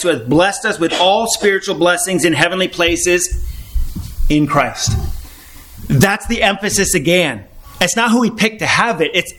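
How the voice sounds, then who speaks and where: A man's voice: high voice, fairly bright tone, slight background noise. A man giving an informal Bible teaching, earnest and repetitive, asking rhetorical questions. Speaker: preacher.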